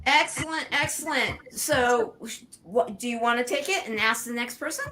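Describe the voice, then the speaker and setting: A woman co-hosting an online interview show, asking guests questions in a halting way, often searching for words. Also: on the high side, sharp tone. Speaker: show co-host. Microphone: video call.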